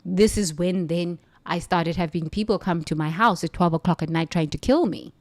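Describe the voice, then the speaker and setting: A woman's voice: lowish voice, moderate pace, a little mellow. A woman from the United States telling her own story in an emphatic, forthright way as a guest. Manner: emphatic, forthright, preachy at times. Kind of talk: conversational storytelling.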